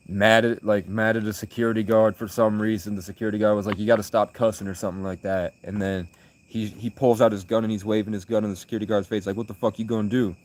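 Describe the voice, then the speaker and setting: A low-pitched man from the United States talking on a late-night livestream. He rambles and repeats himself, answers his chat and breaks into loud laughter. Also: slight background noise.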